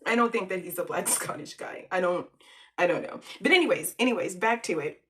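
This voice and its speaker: A woman's voice: on the low side, expressive, fairly quick, fairly bright tone, far from the mic. A woman from the United States giving blunt, slangy opinion commentary in a vlog, laughing often and taking asides. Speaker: vlogger.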